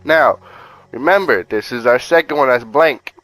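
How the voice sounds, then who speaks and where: A man's voice: moderate pace, fairly bright tone, dry recording, poor audio. A man talking casually over gameplay as a channel host, laid-back and profane, walking viewers through a glitch step by step with catchphrases. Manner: laid-back, profane, repeats "bada bing, bada boom".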